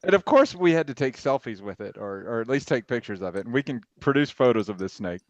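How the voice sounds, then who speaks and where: A man co-hosts a podcast and tells rambling stories through frequent laughs. His voice sits at an ordinary pitch and sounds close and dry, with no room around it. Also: expressive, quick pace, no room sound. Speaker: podcast co-host. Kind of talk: casual storytelling chat.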